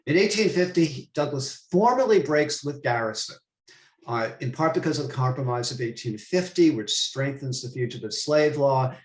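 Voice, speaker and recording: A man's voice: mid-range voice, expressive, normal speed, reverberant. A man giving an online lecture to teachers, thoughtful and emphatic, often restarting his phrases. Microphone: computer mic on a video call.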